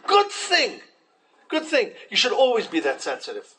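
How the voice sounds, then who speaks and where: A man teaching a Torah class in an animated way, restarting often and acting out quotes. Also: extremely high pitch, moderate pace, a little hiss or hum, low-quality recording.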